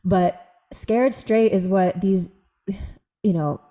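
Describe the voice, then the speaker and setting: A woman's voice: mid-range voice, takes it slowly, warm tone. A woman guest on a podcast interview, telling stories expressively, acting out inner voices and laughing often. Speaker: guest, movement practitioner.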